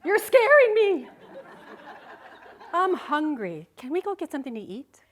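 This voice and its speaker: A woman's voice: sits high, sing-song, a little slow, a little hiss or hum, voice pushed up. Woman doing a scared, pleading little boy. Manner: pleading, whiny. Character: young boy, scared and hungry after rides.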